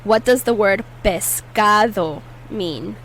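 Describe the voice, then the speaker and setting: A woman teaching Spanish vocabulary in a patient way, saying each word slowly and repeating it for learners. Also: medium pitch, fairly bright tone, slight background noise, low-quality recording. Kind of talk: slow, clear language lesson.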